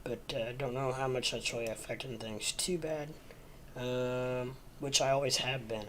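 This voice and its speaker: A man's voice: medium pitch, fairly even intonation, a little slow, a bit bright, a little hiss or hum. A man hosting a casual livestream from home, sleepy and rambling with lots of ums and uhs. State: sleepy, yawning. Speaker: livestream host.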